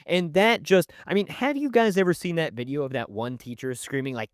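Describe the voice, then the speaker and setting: A man narrating a storytime in an animated, conversational, wry way. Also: on the high side, a little fast, hardly any pauses, no room sound, studio quality. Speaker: storytelling youtuber.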